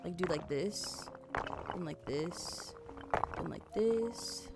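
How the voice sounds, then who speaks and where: Over loud music, a young woman streamer speaks slowly in a fairly low voice as she builds in a game. Her talk to chat is rambly and apologetic, packed with "like" and "you know."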